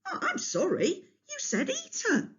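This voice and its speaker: A woman voicing a pompous, bossy male titan king who talks loudly and blusters, on a dull lo-fi recording. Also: very high-pitched, wildly swooping pitch, a little slow, pitched above the performer's own voice, heavily acted. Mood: sheepish. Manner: loud, blustering, dim-witted.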